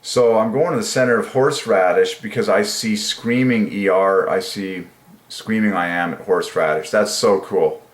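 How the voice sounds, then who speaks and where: A man hosting his own channel, musing aloud in casual solo commentary, enthusiastic and repeating words to himself, sometimes in a sing-song higher voice. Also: normal speed. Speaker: channel host. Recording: echoey room.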